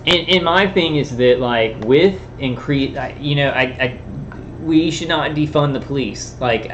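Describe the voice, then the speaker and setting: A man's voice: medium pitch, a little hiss or hum. Rambling man on a dull recording. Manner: halting, many restarts and fillers. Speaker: vlogger. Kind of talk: rambling personal monologue. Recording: dull lo-fi sound.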